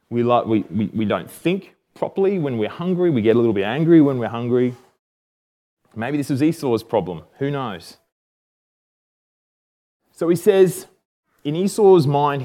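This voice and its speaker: A man's voice: mid-range voice, mellow. Chatty Australian man teaching scripture. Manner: chatty and jokey, self-correcting. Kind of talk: casual Bible teaching.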